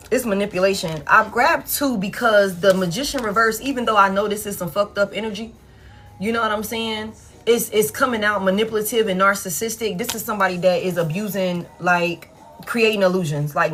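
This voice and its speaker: A tarot reader with a medium-pitched, fairly bright voice gives a casual live reading. She's blunt and frank, swears freely, and repeats herself for emphasis.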